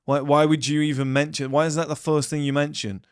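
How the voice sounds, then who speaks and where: A man's voice: on the high side, level tone, a little fast, smooth, no room sound, clean studio sound. A man giving a blunt, rambling casual monologue to camera, swearing freely. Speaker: self-improvement vlogger.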